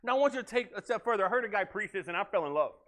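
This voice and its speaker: Male pastor, sermon, earnest, high-pitched, lively. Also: very fast. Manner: earnest, swings from loud to hushed.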